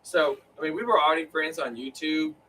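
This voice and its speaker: Man, bright voice, casual rambling chat, a bit off-mic, faint background noise. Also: on the high side, a little fast, distant mic, rough recording. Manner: rambling, filler-heavy storytelling. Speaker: co-host of a live chat.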